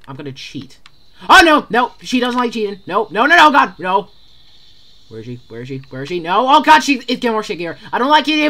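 Jumpy gameplay commentator: lively, swooping delivery, bright tone, stammers and repeats words when scared. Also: medium pitch. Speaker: gamer playing a horror game.

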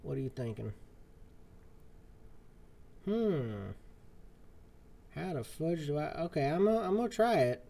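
A man's voice: on the high side, very animated, a little slow, vocal fry, long pauses, dark tone. A young man casually commenting on a game he is playing live, joking in a put-on folksy cowboy drawl. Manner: jokey, fake folksy cowboy talk. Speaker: gaming streamer. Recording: game music playing underneath.

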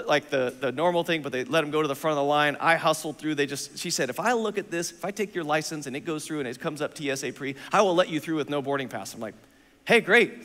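A male pastor tells a self-mocking story during a sermon. He acts out the dialogue in an animated way, speaking in a church sanctuary. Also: on the high side. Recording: long reverb of a church hall.

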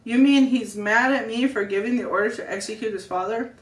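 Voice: mid-range voice, a little fast, reverberant, recorded from a distance, lightly acted, low-quality recording. A reader doing an impatient, pompous Roman governor. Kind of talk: family read-aloud.

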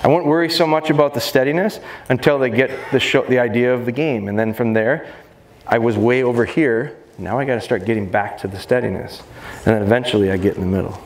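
A male dog trainer giving a live seminar talk in an animated, jokey, hands-on way. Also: mid-range voice, fast. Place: expo seminar hall. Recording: echoey hall, faint background noise.

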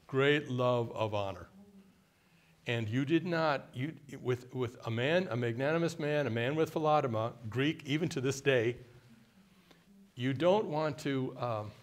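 An older man from the United States, giving a conversational workshop talk and often quizzing the audience with questions. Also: medium pitch. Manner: mimics a haughty deliberate voice at times. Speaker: workshop speaker.

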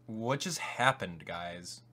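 A young man giving casual live-stream commentary on a video game, swinging from low mumbles to loud disbelief. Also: animated, takes it slowly, a little hiss or hum. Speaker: gaming YouTuber.

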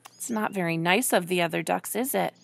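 A woman reading a picture book aloud to children, gently asking them questions along the way. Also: lowish voice, brisk, vocal fry, no room sound.

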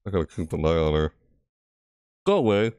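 A man's voice: sits low, sing-song, brisk, darkish tone, clear, resonant tone, no room sound, studio quality. Jumpy man narrating a horror game. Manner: jumpy, yelps and cries out at scares, grumbling at the game. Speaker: gaming channel host. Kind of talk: horror game let's play commentary.

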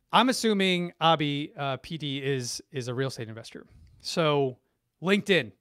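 A man's voice: a little high, fairly bright tone, no echo, clean studio sound. A middle-aged man, a branding expert, enthusiastically answering viewer questions on a live stream, speaking effusively and often restarting his sentences. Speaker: branding and marketing expert guest. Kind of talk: live-stream Q&A reading chat comments.

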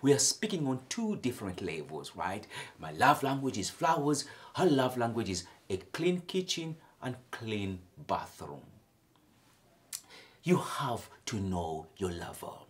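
A man from Africa preaching a homily, with sudden loud emphatic lifts and soft near-whispered drops. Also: mid-range voice, very animated, unhurried. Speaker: priest.

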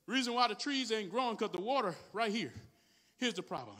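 A man preaching from a church pulpit with a strikingly high, bright, forceful voice. He drives his sermon hard, calling on the congregation and climbing into shouts. It has the steady push and rhythm of live preaching. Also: fairly quick. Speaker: pastor. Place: church sanctuary.

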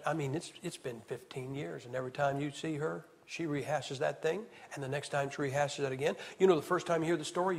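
A man preaching an evangelist's sermon at a camp meeting, swinging from loud to hushed. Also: fairly high pitch. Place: church hall. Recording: reverberant hall sound.

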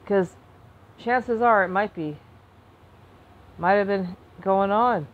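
A woman talking to camera in an emotional personal monologue, impassioned, restarting and repeating herself, flaring into anger and then softening. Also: mid-range voice, slow, long pauses, phone-quality sound. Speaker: vlogger.

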